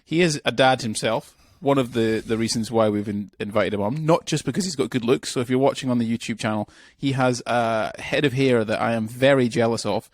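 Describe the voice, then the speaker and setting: A man's voice: medium pitch, a little fast, hardly any pauses, no room sound. A man hosting a casual podcast, introducing his guest with rambling, jokey banter. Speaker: podcast host.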